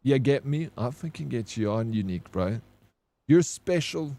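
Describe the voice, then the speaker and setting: A man's voice: medium pitch, animated, moderate pace, warm tone, dry recording. A man with a South African accent, chatting casually with his live-stream chat as he plays, greeting viewers by name and swearing freely. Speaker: game streamer.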